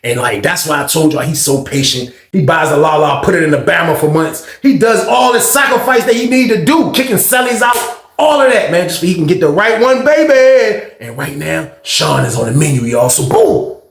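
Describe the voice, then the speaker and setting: A man tells a prison story in a casual, animated way, jumping into raised voices as he acts out each person. His voice sits high and swings widely in pitch. The room around him is echoey. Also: moderate pace, vocal fry.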